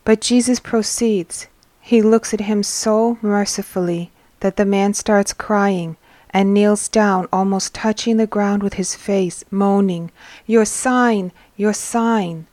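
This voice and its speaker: A woman host reads a religious story aloud in an earnest, teaching manner, pausing to explain. She goes slowly and deliberately, and the recording is dry and close with no room sound. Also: medium pitch, fairly even intonation, darkish tone, dry recording. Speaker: host and reader. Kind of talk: religious book reading and teaching.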